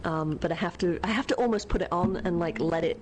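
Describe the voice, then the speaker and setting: A woman's voice: fairly low pitch, quick pace, a little mellow, slight background noise, rough recording. A British woman from Yorkshire, co-hosting a gaming livestream, who reads chat aloud, laughs often and swears casually. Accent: British English, softened by living in the US. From Yorkshire, England. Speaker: co-host.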